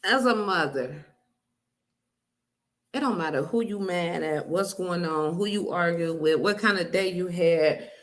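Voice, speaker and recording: A woman's voice: on the low side, measured pace. A woman giving reaction commentary, outraged and emphatic, cussing.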